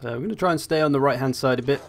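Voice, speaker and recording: A man's voice: mid-range voice, rapid-fire, slight background noise. A young man giving casual, wry commentary as he plays a strategy game, thinking aloud as he goes. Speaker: gaming channel host.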